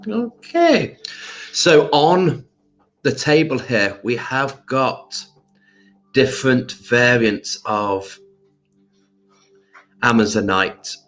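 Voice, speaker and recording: A man hosts a relaxed livestream, chatting with viewers as they join. He speaks at an unhurried pace and greets people by name. His speech is loose and hesitant, full of ums. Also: mid-range voice. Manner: slow, hesitant with frequent ums. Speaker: crystal shop livestream host. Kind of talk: casual livestream chat.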